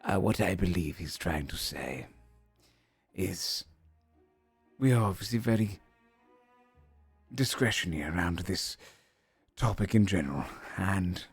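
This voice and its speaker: A man voicing a diplomatic male councillor who speaks in a soothing, measured way. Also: deep voice, expressive, breathy edge, no room sound, soft background music, voice pushed down, full character voice. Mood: placating.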